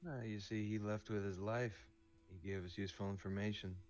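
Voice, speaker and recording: A man's voice: little pitch movement, brisk, darkish tone, soft background music, close to an everyday voice. A man voicing a menacing male adventurer who taunts and threatens a prisoner. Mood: cold. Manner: taunting, threatening, raised pitch.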